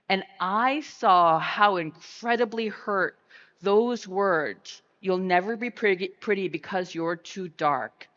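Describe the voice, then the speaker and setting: A middle-aged woman giving an impassioned conference keynote on a large stage, building to forceful calls to action. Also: fairly low pitch, dull audio. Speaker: keynote speaker.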